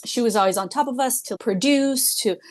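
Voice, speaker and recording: A loud, giggly woman telling frank stories as a podcast guest. She laughs easily and speaks bluntly, with casual swearing. She sounds like a working dental hygienist opening up in conversation. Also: on the high side, brisk. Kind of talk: candid storytelling in a podcast interview.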